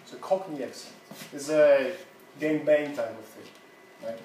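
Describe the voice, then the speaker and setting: A man's voice: medium pitch, mellow, a little hiss or hum. Echoey distant man teaching a class. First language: Russian. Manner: casual, halting, laughs often. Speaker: seminar teacher. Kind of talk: classroom seminar talk. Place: university classroom.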